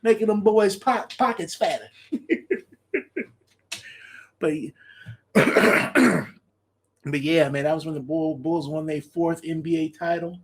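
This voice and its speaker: A man hosting a podcast, chatting casually in an animated way, laughing often and repeating his phrases. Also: on the high side, takes it slowly, pauses often. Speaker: podcast host. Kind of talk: casual solo commentary.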